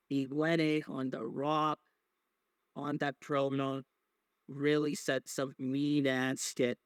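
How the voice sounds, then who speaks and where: A man of middle pitch talks loosely, wandering through his points and dropping curse words along the way. He stumbles over his words, restarts sentences and leans on filler words. The sound is dry and close, with no room around it. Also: clear, resonant tone, no room sound. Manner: rambling, profane, with many fillers and restarts. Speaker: podcast host. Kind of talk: casual wrestling recap chat.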